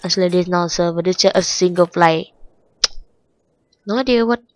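A woman with a Vietnamese accent, Vietnamese her first language, doing let's-play game commentary in simple non-native English, moving from low muttering to high excited shrieks. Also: fairly quick, low-quality recording. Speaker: gaming channel host.

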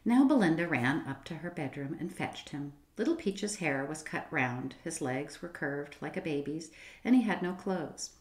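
Low-voiced woman reading a storybook. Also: animated, normal speed. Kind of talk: reading a children's book aloud. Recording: roomy echo.

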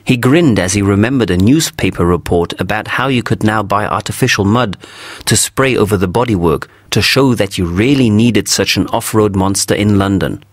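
A man reading a story aloud for English learners, steady and clear. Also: lowish voice, moderate pace, no echo. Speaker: narrator.

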